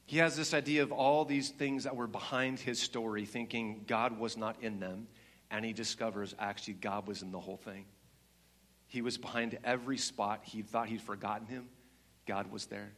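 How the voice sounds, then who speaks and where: A man's voice: lowish voice, fairly even intonation, brisk, a bit bright. Male pastor, conversational sermon delivery, talks straight to the congregation, reads stories aloud. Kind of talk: sermon with read-aloud story.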